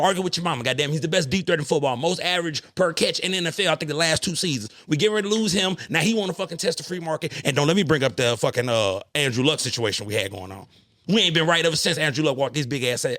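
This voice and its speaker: Man, podcast host, fast talker, slightly high voice, profane animated rant, dry close sound. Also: dry recording. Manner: animated, heated, swearing freely. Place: studio room with friends.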